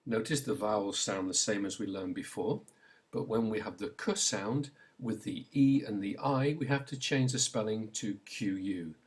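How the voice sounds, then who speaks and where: A man's voice: fairly low pitch, normal speed, husky. A man teaching a pronunciation lesson, patiently modelling sounds and prompting learners to repeat after him. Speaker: language teacher. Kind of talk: slow instructional pronunciation lesson.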